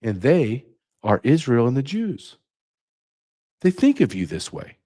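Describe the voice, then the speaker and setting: A man's voice: medium pitch, wildly swooping pitch, measured pace, mellow. A man hosting his own show, delivering an indignant opinion monologue with sarcastic asides. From United States. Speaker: podcast host.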